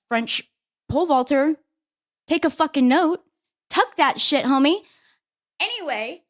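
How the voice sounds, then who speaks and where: Woman co-host, fairly high voice, brash and profane, animated storyteller. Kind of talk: casual talk show banter.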